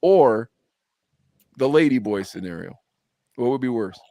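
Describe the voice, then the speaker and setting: A man's voice: mid-range voice, a little slow, gravelly, no room sound. Dry-voiced man telling a story. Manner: animated storyteller acting out quotes. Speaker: podcast host. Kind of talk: casual chat.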